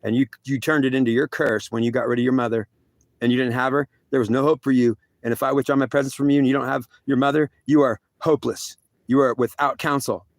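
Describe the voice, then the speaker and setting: A man's voice: mid-range voice, steady tone, fast talker, no room sound, close to an everyday voice. A man voicing a stern male God who scolds a soldier at length, repeating himself and stumbling over restarts. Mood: scolding. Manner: repetitive, lecturing, stumbling restarts.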